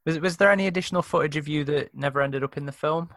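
A man's voice: fairly high pitch, racing, a bit bright. A man interviewing a guest, asking brief, attentive questions. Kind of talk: casual interview.

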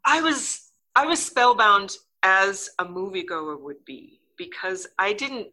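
Bright, lively older woman telling a story. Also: slow, low-quality recording. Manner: lively, acts out quotes with big pitch jumps. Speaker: interview guest, actress. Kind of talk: casual anecdotal storytelling.

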